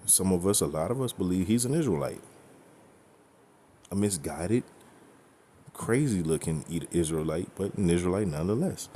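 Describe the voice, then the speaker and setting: Deep-voiced man teaching scripture bluntly. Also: animated, normal speed, pauses often, dark tone, a little hiss or hum. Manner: emphatic, with frequent rhetorical "okay?" and "right?"; blunt and profane. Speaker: religious teacher.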